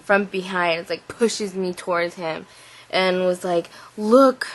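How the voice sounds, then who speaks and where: A woman's voice: fairly low pitch, unhurried, poor audio. Chatty young woman vlogging. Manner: animated, lots of "like" fillers. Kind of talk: casual chatty storytelling.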